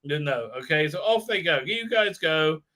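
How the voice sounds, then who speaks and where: A man's voice: animated, normal speed, pushed and bright. Mocking man ranting through an episode recap. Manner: mocking, mimics characters in exaggerated squeaky voices; heavy "uh, uh" fillers and repeated "right?". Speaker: channel host.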